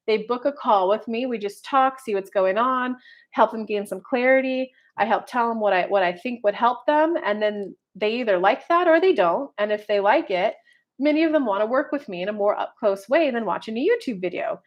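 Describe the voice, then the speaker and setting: Woman, tarot reader vlogging, somewhat high voice, chatty, rambling delivery. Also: expressive, normal speed, highs cut off. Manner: chatty, rambling, full of filler words. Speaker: tarot reader and life coach. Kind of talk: casual horoscope video monologue.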